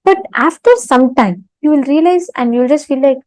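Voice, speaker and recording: A woman's voice: high voice, a little fast, few pauses, a little mellow, no echo, poor audio. A woman giving a spiritual talk to an online audience, telling a story with fillers and restarts. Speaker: spiritual teacher.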